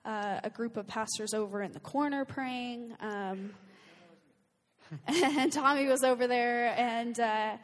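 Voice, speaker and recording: A woman with a slightly high voice speaks slowly, her words trailing into a long reverb. She's a guest earnestly recounting a personal experience in casual testimony, full of fillers and bursts of laughter.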